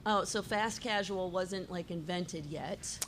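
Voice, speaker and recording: A woman's voice: on the low side, slow, a bit bright, a little hiss or hum. A woman playing a comedy quiz as a contestant, tossing out bold, cheeky guesses. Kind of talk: casual comedic banter.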